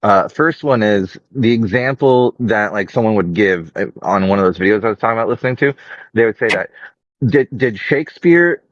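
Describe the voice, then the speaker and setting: A man's voice: on the low side, dry recording, lo-fi sound. A man in a casual group chat, rambling with many fillers and restarts. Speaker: podcast participant.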